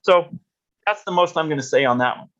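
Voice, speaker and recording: A man delivers a leadership lecture in a somewhat high voice. He tells stories and acts out what people said. The audio is dull and lo-fi. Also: a little fast, a bit bright.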